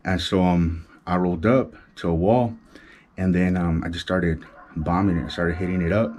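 A man's voice: sits low, fairly even intonation, moderate pace, a little mellow. A middle-aged man from Los Angeles with a Chicano LA accent, telling a street story in casual slang and keeping his voice down. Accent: Chicano Los Angeles English. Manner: street slang, imitates gunshots with his mouth; keeps voice down so as not to wake his wife. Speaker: vlogger.

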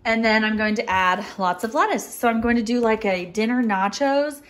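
A woman's voice: fairly high pitch, normal speed, a bit bright. A woman in her thirties chatting casually to her viewers in a food vlog, bubbly and talkative, recorded on her own camera in a car and then at home. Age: 30s. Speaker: food vlogger. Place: in a car at a drive-thru, then a home kitchen. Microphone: camera or phone recording herself.

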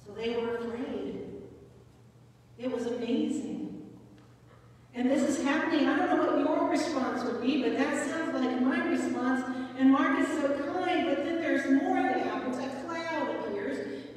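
A woman's voice: high-pitched, a little slow. A woman in her forties preaching a sermon in a church, telling stories in a conversational way and asking the congregation questions. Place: church sanctuary. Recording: echoey church hall from far off.

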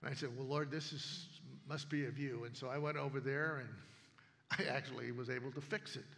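A man's voice: medium pitch, fairly even intonation, fairly quick, vocal fry, sharp tone, slight background noise. A man preaching a sermon, telling stories and acting out other people's lines. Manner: storytelling, acts out neighbors' lines. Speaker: pastor. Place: church sanctuary. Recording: long reverb of a church hall.

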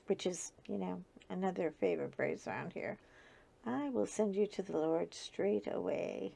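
A woman's voice: fairly low pitch, moderate pace, vocal fry, dark tone. A woman host telling a story in a casual chat, chatty and often laughing.

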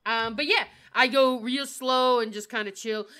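Squeaky bright-voiced woman chatting. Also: steady tone, normal speed. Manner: bubbly, jumps into character voices. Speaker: podcast co-host and game master. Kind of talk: casual chat, live podcast.

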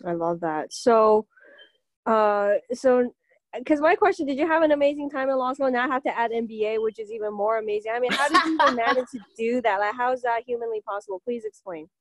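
A woman's voice: on the high side, lively intonation, brisk, dry recording. A woman hosting a casual interview, enthusiastic and affirming, with frequent agreeing murmurs. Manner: enthusiastic, affirming, many mm-hmms. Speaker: interview host.

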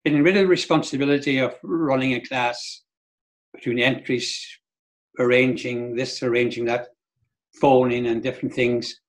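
An older man from Donegal chatting as an interview guest. He talks at a middle pitch and winds through long anecdotes. He often slips into quoting other people mid-story. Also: steady tone, moderate pace. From Donegal, Ireland. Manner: rambling storyteller who acts out others' lines. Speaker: guest, Irish dance teacher. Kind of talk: casual interview chat.

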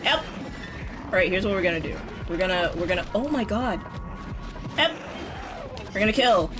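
A woman streaming a game live, excitable, talking back to the game, swearing and laughing as she plays. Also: medium pitch, normal speed, over music, rough recording. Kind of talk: live gameplay commentary.

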